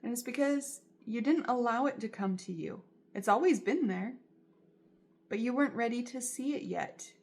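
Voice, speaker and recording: A woman's voice: fairly high pitch, normal speed, darkish tone. A woman giving a tarot reading straight to her viewers, in a soothing, reassuring way and often repeating her phrases. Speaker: tarot reader.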